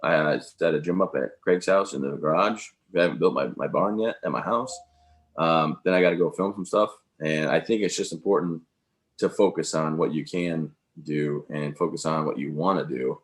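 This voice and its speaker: Deep-voiced upbeat rambling man. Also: normal speed. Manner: upbeat, rambling, many fillers. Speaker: interview guest, veteran speaker. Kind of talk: casual conversational interview.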